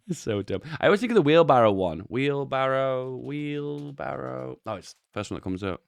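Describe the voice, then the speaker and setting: A young man gives casual meme commentary in a fairly low voice. He talks in a relaxed way, chuckles often and swears offhandedly. The recording is dry and close, with no room sound. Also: a little fast, pauses often, dry recording. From England. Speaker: YouTube host reviewing memes.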